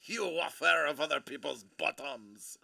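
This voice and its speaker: Man voicing a sneering French guard, loud and mocking, hammy fake accent, gravelly edge. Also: on the high side, lively intonation, measured pace, exaggerated voice. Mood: taunting. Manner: exaggerated French accent, taunting. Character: mocking French castle guard, insulting and haughty.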